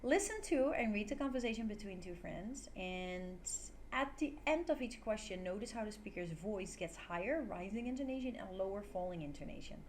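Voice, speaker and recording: A woman's voice: mid-range voice, lively intonation, normal speed, few pauses, slight background noise. Brief: playful female English teacher. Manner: playful, demonstrates intonation with exaggerated examples. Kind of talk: online English lesson.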